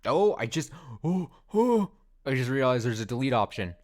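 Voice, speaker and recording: A man's voice: medium pitch, very animated, normal speed. A man streaming a game, talking casually, swearing and laughing often. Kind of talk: casual let's play commentary.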